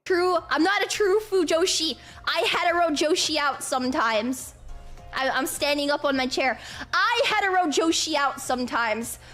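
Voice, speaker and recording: A woman's voice: high voice, animated, moderate pace, a bit bright, faint music behind. A woman in a comedy video, joking and self-mocking with stammering restarts. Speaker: video creator.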